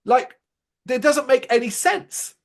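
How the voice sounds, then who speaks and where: A man co-hosts a podcast reviewing a show, ranting casually and animatedly, full of sarcasm and free swearing. His voice sits high for a man, and he talks at a slow pace.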